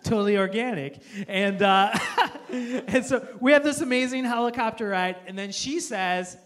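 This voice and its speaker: High-voiced man preaching with playful humor. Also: normal speed, a bit bright. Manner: joking, playful, asks the crowd for applause and amens. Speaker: pastor. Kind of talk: humorous sermon. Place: church auditorium with live audience.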